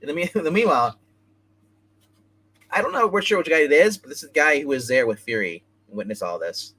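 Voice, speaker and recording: A man with a bright, forceful voice reviews comics in a loose, rambling way. He retells the scenes and drops into quick snippets of dialogue as he goes. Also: on the high side, animated, slightly rough, low-quality recording. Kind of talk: casual comic book review.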